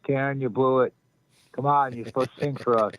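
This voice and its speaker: A man's voice: mid-range voice, steady tone, fairly quick. A man calling in, chatting casually and friendly with the host. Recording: dull lo-fi line.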